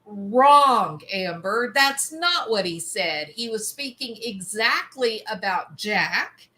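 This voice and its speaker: A woman's voice: a little high, bright, forceful tone. A woman giving emphatic commentary, sometimes acting out quoted lines.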